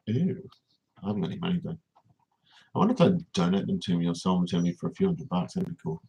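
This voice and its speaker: A man's voice: deep voice, sing-song, fast, creaky, warm tone, low-quality recording. An Australian man hosting a casual livestream, rambling and reading viewers' comments aloud as he answers them. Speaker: livestream host.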